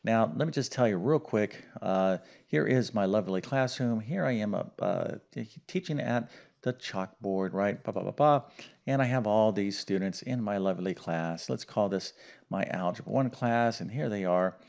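A middle-aged male math teacher with a gravelly, somewhat low voice. He explains things emphatically and stays upbeat. The audio sounds dull and lo-fi. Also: normal speed, a little mellow. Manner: emphatic, upbeat teacher talk with many okays and fillers. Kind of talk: online math lesson.

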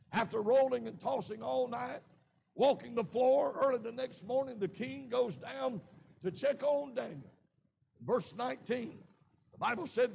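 High-pitched Southern preacher, gravelly. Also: male voice, slight background noise. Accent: Southern American. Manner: preaching with rising shouts and frequent amens. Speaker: pastor. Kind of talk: sermon. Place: church sanctuary.

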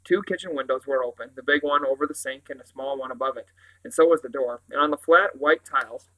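A man reading a children's novel aloud in a steady, plain narrating voice. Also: mid-range voice, fairly quick, rough recording. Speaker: reader.

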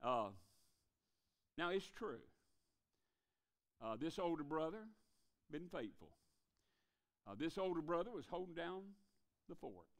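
A man preaching a revival sermon in a church, folksy, calling for amens and dropping to a hush to stress a point. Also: a little high, big pitch swings, a little slow, long pauses. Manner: folksy, calls for amens, drops to a hush for emphasis.

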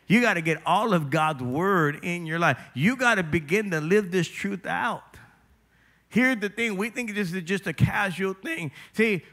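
A male pastor with a slightly high voice preaches a sermon. He hammers points home through emphatic repetition, swinging between loud declarations and quieter personal appeals.

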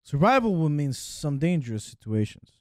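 A man's voice: a little high, very animated, moderate pace, no room sound, clean studio sound. A young man giving offhand, mumbled commentary while playing a video game. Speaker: let's play gamer. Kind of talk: casual gameplay commentary.

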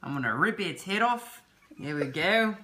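A young man hosts a casual travel vlog, his voice a touch high and swinging widely up and down. He jokes and reacts playfully, with plenty of noise behind him. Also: normal speed. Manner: playful, joking, animated reactions. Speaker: vlog host. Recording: noisy background ambience.

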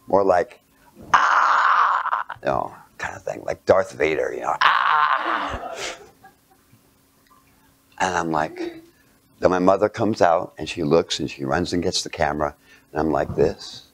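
A man giving a sermon through a childhood story, animated, sometimes dropping to a near whisper and putting rhetorical questions to his listeners. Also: extremely low pitch, moderate pace, creaky, breathy edge. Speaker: speaker.

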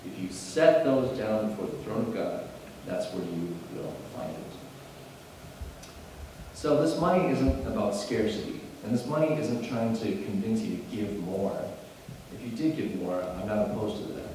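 A man preaching a sermon as pastor, animated and building to emphatic bursts, often restarting his phrases. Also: lowish voice, moderate pace, a little hiss or hum. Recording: echoey hall, mic at a distance.

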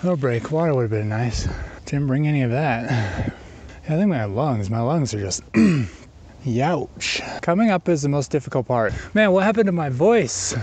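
A man's voice: medium pitch, lively intonation, normal speed, a little mellow, a little hiss or hum. Breathless man vlogging from his bike. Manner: panting, self-narrating while cycling. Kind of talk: casual bike-ride vlog. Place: outdoors on a bicycle on roads.

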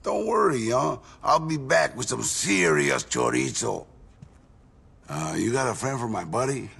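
An actor playing a brash, flamboyant gang boss in a video game, talking in loud, boastful, theatrical bursts. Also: male voice, medium pitch, very animated, measured pace, gravelly, slightly rough, full character voice. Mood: swaggering. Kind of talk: video game cutscene acting.

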